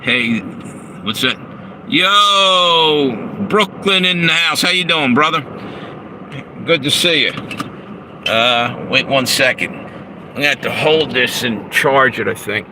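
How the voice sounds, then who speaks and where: A man talks loosely and profanely into his phone, chuckling at his own asides while reading out chat messages. His voice sits in an ordinary middle range. The car's engine and air conditioner hum clearly behind him on the phone recording. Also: medium pitch, a little slow, long pauses. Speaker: live streamer. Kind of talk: casual livestream talk, reading chat. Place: inside a parked car with air conditioning running. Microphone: handheld phone. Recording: noisy phone audio in a car. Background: car engine and air conditioner hum.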